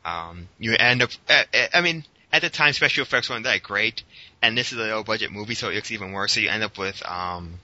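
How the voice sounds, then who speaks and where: A man's voice: lowish voice, fairly quick, pushed and bright, dry recording. A man co-hosting a podcast, chatting casually about a movie, rambling with fillers and laughing often. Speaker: podcast co-host. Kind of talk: casual movie review chat. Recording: dull lo-fi recording.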